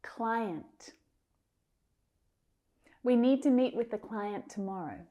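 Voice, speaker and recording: A woman teaching English pronunciation, carefully repeating each word slowly. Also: fairly high pitch, lo-fi sound. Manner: careful, drawn-out repetition of words. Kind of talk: slow pronunciation lesson.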